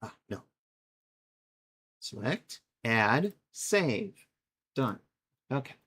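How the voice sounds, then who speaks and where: A woman's voice: extremely low pitch, big pitch swings, drawn-out words, fairly bright tone, slightly rough. A woman casually chatting and thinking aloud while she plays a game on a live stream, sometimes mocking herself. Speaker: livestreamer.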